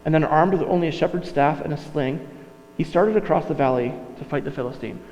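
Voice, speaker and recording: A man's voice: fairly high pitch, a little fast, a little mellow. A male pastor preaching a sermon in a conversational way, often correcting himself and going off on asides. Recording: dull sound, long reverb, mains hum.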